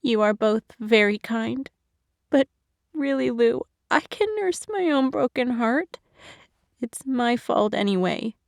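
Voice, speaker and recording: A woman voicing a heartbroken young woman who is crying, with a shaky, halting, soft-spoken manner, in an audiobook. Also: fairly high pitch, expressive, vocal fry, no echo, clean studio sound, pitched above the performer's own voice, exaggerated voice. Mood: tearful. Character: heartbroken young woman, tearful and self-blaming. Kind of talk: audiobook narration.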